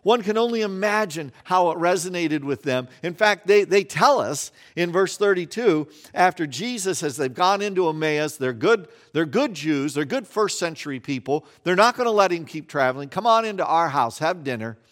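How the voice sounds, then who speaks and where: A man preaching a sermon, telling the story in an animated way and acting out the scenes, often dropping to a quiet voice. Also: sits high, moderate pace, few pauses. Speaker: pastor.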